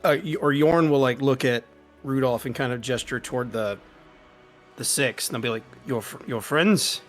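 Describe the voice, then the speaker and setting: A man's voice: medium pitch, steady tone, moderate pace, soft background music. A man playing a tabletop game, helpfully explaining rules to another player. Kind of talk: casual tabletop play.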